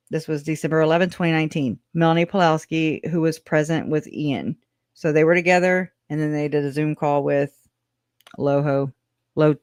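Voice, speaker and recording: A woman hosts a true-crime livestream, reading case notes aloud casually with sarcastic asides, slang, frequent laughs, and lots of "y'all." Her voice is low and a little mellow, recorded in clean studio sound with no room sound.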